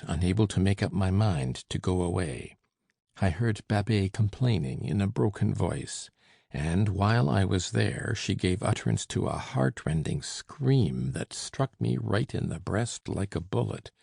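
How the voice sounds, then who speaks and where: Gravelly low-voiced male audiobook narrator. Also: no room sound, clean studio sound. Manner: measured, slows for emphasis, lifts for quoted shouts. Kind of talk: scripted narration.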